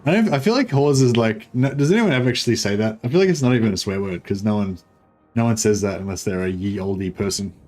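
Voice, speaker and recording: A man's voice: fairly low pitch, quick pace, darkish tone, faint music behind. A man giving casual, rambling commentary while playing a strategy game, wry and thinking aloud. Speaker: video game streamer.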